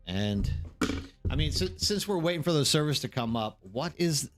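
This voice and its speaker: A man's voice: fairly high pitch, lively intonation, normal speed, soft background music. A tired man from the Houston area, chatting casually as a livestream host and rambling with lots of "like" and "dude". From Texas, Houston area. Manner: rambling, chatty, says "like" and "dude" a lot, reads the chat aloud.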